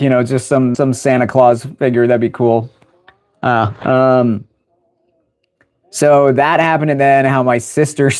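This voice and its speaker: A man's voice: mid-range voice, a little mellow. A young man from the United States hosting a livestream, telling stories casually, rambling with many fillers and laughing often. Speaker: livestream host.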